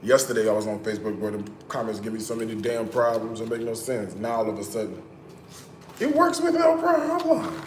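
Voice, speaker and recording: A man's voice: fairly low pitch, level tone, fast talker, hardly any pauses, darkish tone, echoey room, slight background noise. A man hosting a cooking live stream in his home kitchen, chatty, with teasing asides to viewers. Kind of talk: casual live-stream chat.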